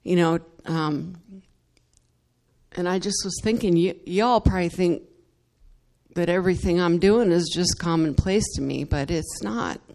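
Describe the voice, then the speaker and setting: Speaking unhurriedly in a lowish, darkish voice with vocal fry, a woman shares an emotional testimony in worship. She laughs between phrases and grows more fervent as she goes; she's a church member.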